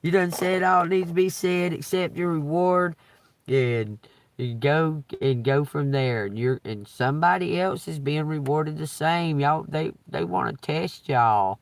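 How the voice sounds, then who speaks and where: A man's voice: on the high side, a little slow, no echo. Loose, profane man giving a tarot reading. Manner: rambling, profane, chuckles often. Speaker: tarot reader. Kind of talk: casual live-stream reading.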